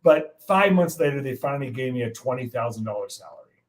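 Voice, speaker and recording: A man in his sixties from the United States, a guest meteorologist telling animated stories in an interview and acting out the quotes. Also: medium pitch, fast talker, rough recording. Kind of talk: storytelling in an interview.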